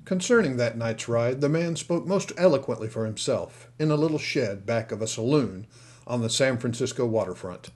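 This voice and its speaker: A man narrating an audiobook in a steady, expressive storytelling manner. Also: mid-range voice, normal speed. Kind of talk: scripted narration.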